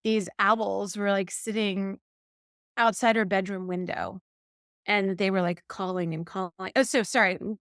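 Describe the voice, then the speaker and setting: A woman's voice: medium pitch, unhurried, clean tone, dry recording, clean studio sound. A woman co-hosting a podcast, telling a personal story in casual chat and acting out the quoted voices. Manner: animated storyteller, acts out quotes. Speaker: podcast co-host.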